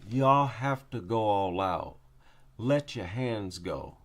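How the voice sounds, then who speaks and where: With an animated, slightly bright voice, an MMA commentator takes his time dissecting fights, stretching out his delivery while his pitch rises and falls a lot around his opinions. He keeps restating his key points to drive them home.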